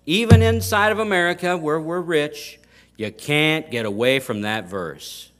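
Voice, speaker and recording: A man preaching a sermon in a folksy, emphatic way, often restarting his sentences and punching key words. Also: mid-range voice. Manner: folksy, emphatic, rising to loud stresses.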